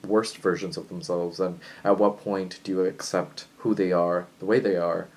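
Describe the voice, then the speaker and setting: Young guy doing a book vlog, kinda low voice, jittery and excitable, rambling. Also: poor audio. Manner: jittery, chatty and excitable, with quick swings between loud enthusiasm and soft musing. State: jittery from coffee. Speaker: book vlogger. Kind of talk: casual vlog chat.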